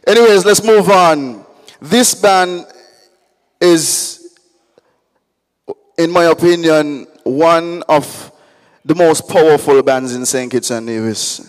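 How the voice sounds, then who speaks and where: A man introduces the lineup at an event launch, taking his time and filling pauses as he goes. His voice is slightly high, and a long reverb rings around him in the hall. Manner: unhurried, measured, with filler pauses. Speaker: event host.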